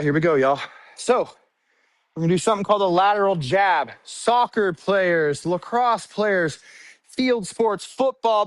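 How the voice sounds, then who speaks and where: A male fitness coach talks people through a bodyweight workout while doing it himself. His voice sits high, and he counts reps and calls out cues, sometimes short of breath. The sound is dry and close. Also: a bit bright, no echo. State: out of breath at times. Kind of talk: live workout instruction.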